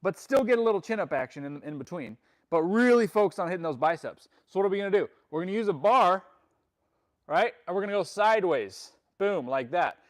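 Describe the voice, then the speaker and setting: A man's voice: sits high, animated, brisk. A man coaching on a live stream, upbeat, greeting viewers and answering chat comments, often laughing and repeating words for emphasis. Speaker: fitness coach.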